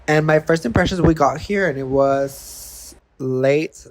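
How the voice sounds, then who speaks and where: A man from Canada co-hosting a podcast, telling animated, gushing stories in casual chat. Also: fairly high pitch, unhurried, low-quality recording. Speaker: podcast co-host.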